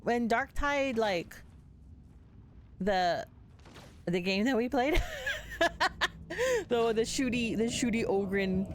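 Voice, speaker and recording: A woman's voice: a little high, animated, slow pace, long pauses, slight background noise. A woman streamer chatting casually with her viewers while playing a game, chatty and giggly. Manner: chatty, giggly, talks to chat. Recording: game music behind.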